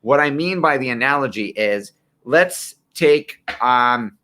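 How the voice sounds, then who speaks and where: Bright-voiced middle-aged man telling his story. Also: medium pitch, animated, takes it slowly. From western New York. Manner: conversational storyteller, earnest and direct. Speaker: college financial aid planner. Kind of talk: personal origin-story talk.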